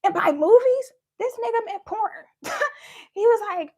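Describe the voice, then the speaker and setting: A woman's voice: very high voice, expressive, measured pace, warm tone. A young woman candidly telling a personal story in a live talk, acting out what people said. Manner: candid, conversational, acts out quoted lines. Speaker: speaker sharing her story.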